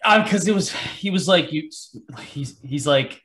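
A man's voice: on the high side, expressive, measured pace, fairly bright tone. Rambling, self-deprecating male guest. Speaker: podcast guest, comic artist. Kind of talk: casual podcast chat.

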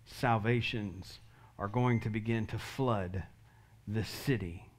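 A man's voice: lowish voice, takes it slowly. A male pastor giving an earnest sermon altar call, leading the congregation in prayer line by line. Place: church sanctuary.

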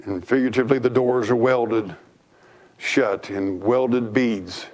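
A man's voice: mid-range voice, a little slow, a little mellow. A man preaching a sermon from the pulpit, emphatic and fervent, repeating his phrases for weight. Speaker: pastor. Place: church.

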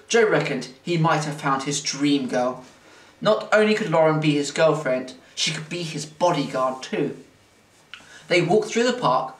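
A man reading a children's chapter book aloud in an expressive, playful way, like a teacher at story time. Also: a little high, unhurried. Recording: roomy, distant mic, faint hiss.

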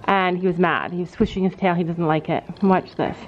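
A woman's voice: fairly low pitch, fairly even intonation, fairly quick. A woman vlogging casually at a horse barn, chatting to viewers and soothing her horses. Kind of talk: casual vlog talk to camera. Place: horse barn and trailer, outdoors. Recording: slightly dull sound with faint noise.

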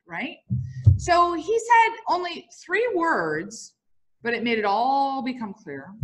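Bright, high-voiced bouncy woman teacher. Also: unhurried. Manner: lively, bouncy, quizzes the audience. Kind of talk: classroom lecture with storytelling. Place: classroom before students.

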